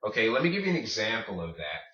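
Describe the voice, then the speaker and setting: A man teaching a casual language lesson, patient, repeating words slowly and checking in with "okay?". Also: lowish voice, very animated, sharp tone. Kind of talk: casual classroom-style lesson. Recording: roomy, distant, dull lo-fi sound.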